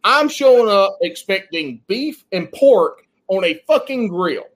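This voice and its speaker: Southern guy cussing up a storm, high lively voice, drawling story on a podcast. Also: measured pace. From South Carolina. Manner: loud, animated storytelling with heavy swearing and drawled Southern slang. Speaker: podcast guest. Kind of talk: profane casual banter.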